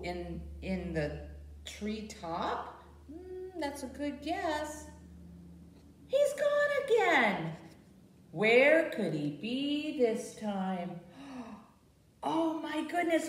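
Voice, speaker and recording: A slow, animated woman's voice swoops up and down in a sing-song way as she leads babies through rhymes and a picture book. She sits a little back from the mic, so her voice lands in a roomy space. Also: a little high. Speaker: children's librarian leading baby storytime. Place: library program room. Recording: roomy sound from a distance.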